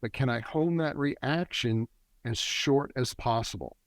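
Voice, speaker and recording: A man's voice: mid-range voice, no room sound. A middle-aged man, a men's work facilitator, talking as a guest in a reflective interview in an earnest, teaching tone. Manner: earnest, teaching tone that speeds up and slows down. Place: a warm, quiet spot with a generator running nearby.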